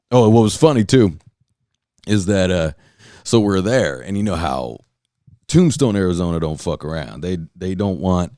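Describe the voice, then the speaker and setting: A man's voice: low voice, dark tone, dry recording, clean studio sound. A man hosting a podcast, ranting casually and profanely, rambling with many fillers and restarts. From California. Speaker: podcast host. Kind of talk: casual rant.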